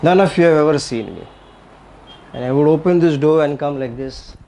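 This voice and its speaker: A man's voice: on the high side, moderate pace, creaky, mellow, slight background noise. A man teaching tai chi and qigong in a live talk, speaking emphatically and often checking in with the audience. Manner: emphatic, repetitive, checks in with "Okay?".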